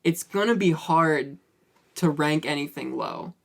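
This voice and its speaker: A man's voice: fairly high pitch, lively intonation, unhurried, creaky, a bit bright. A man co-hosting a music podcast, chatting casually, joking and swearing freely. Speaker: podcast co-host. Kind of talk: casual chat.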